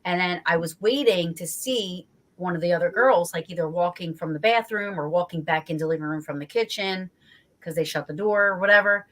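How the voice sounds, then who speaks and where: A woman from New Jersey with a slightly low voice tells a story as a guest in a casual interview. She is animated and swears freely, acting out her own reactions as she goes. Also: fairly quick. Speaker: guest investigator.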